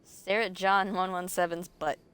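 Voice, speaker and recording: A woman's voice: lowish voice, flat delivery, a little slow, fairly bright tone, clean tone. A woman streaming a video game live, chatting casually to herself and her viewers and laughing often. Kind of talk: casual live gameplay commentary.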